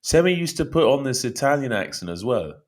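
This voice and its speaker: A man's voice: mid-range voice, very animated, a little fast. A man co-hosting a casual sports podcast, teasing his co-host in a dry way.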